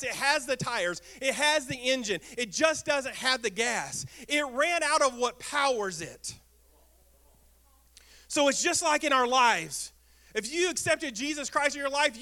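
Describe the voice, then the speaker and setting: A man preaching a sermon as pastor, talking in a lively way and asking the congregation questions. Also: extremely high pitch. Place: church sanctuary.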